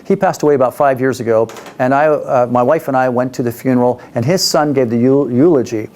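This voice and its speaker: Man, middle-aged, business speaker, storytelling, conversational, mid-pitched. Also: brisk, darkish tone. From Canada. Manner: conversational, with fillers and restarts. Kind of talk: storytelling talk.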